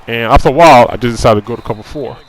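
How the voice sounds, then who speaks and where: A man's voice: mid-range voice, rapid-fire, rough recording. A man giving casual commentary over his own football video game match, ranting in a frustrated, conversational way and leaning on "you know" and repeated phrases. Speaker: gaming commentator.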